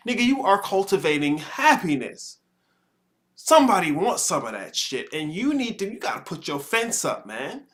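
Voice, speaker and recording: A man's voice: sits high, sharp tone. A man hosting a commentary show, lecturing in a profane way and leaning on analogies. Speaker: show host. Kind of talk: reaction commentary.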